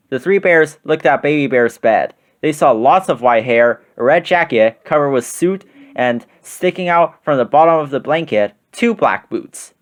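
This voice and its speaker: A man narrating a children's picture book aloud in a steady, clear storytelling manner. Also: medium pitch, moderate pace.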